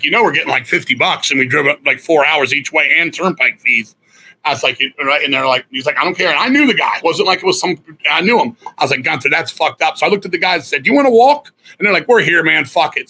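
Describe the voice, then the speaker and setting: A man's voice: fairly high pitch, pushed and bright, poor audio. A middle-aged man from Virginia, a guest musician telling a story in a casual interview, swearing freely and acting out what other people said. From Virginia, USA.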